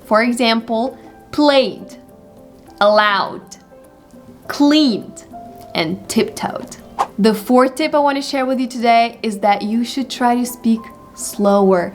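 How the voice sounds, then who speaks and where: Encouraging young woman teaching pronunciation. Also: fairly high pitch. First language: not English. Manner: encouraging, deliberate with example words. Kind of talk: casual online lesson.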